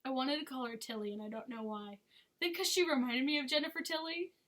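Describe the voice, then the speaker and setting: A woman's voice: high-pitched, fast, fairly bright tone. A woman chatting casually as a movie reviewer, with frequent giggles and sarcastic asides. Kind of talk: casual chat.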